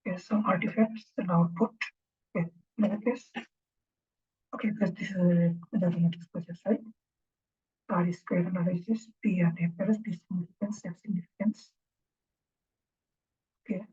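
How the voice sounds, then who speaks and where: A woman giving an informal recorded lecture as instructor, speaking haltingly and thinking aloud, often checking in with a questioning "right?". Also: lowish voice, fairly even intonation, dark tone, slightly rough. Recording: dull lo-fi recording.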